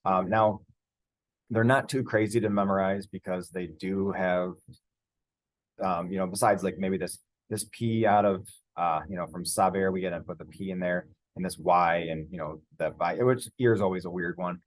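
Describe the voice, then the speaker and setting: A man teaching a screen-share Spanish grammar lesson in a relaxed, rambling way, spelling words out letter by letter. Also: sits low, moderate pace.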